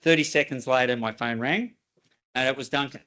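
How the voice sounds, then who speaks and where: A man delivers a formal ceremony speech, telling stories and often stopping to restart a phrase. His voice sits at a middle pitch, and the recording sounds a bit dull and lo-fi. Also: bright, forceful tone. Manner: storytelling, with halting restarts. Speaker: company head giving a ceremony speech.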